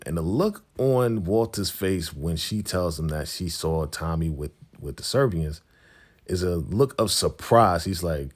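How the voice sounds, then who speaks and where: A man's voice: low voice, expressive, measured pace. A man casually recapping a TV episode, retelling scenes and acting out the characters' lines in a slangy voice. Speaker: recap host.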